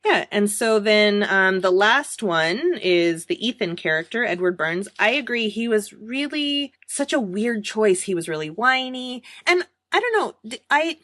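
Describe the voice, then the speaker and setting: A woman's voice: medium pitch, expressive, a little slow, hardly any pauses, fairly bright tone, dry recording. A woman co-hosting a casual podcast chat, talking freely and laughing often. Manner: chatty and giggly, laughs often. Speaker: podcast co-host.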